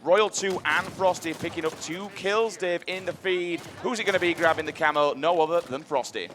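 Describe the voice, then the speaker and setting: A man doing live play-by-play commentary at an esports event, energetic and hyping up the crowd. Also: on the high side, normal speed. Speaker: esports caster.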